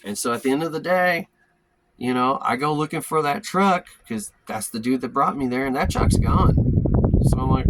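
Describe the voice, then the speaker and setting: A man's voice: mid-range voice, lively intonation, normal speed. Blunt, profane man with noisy background. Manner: blunt, profane, jumps into quoted voices. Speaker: storyteller ranting to camera. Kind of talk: casual monologue. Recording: audible background noise with clicks.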